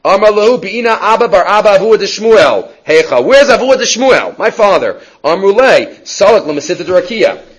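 High-voiced man teaching Talmud. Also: moderate pace, poor audio. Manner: lively, acts out the story's dialogue. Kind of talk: Talmud class, translating Aramaic.

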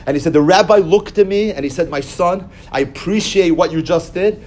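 A man teaching a Talmud class through storytelling, sprinkling Hebrew and Yiddish terms and jumping high when he quotes people. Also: brisk, darkish tone. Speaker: Torah teacher.

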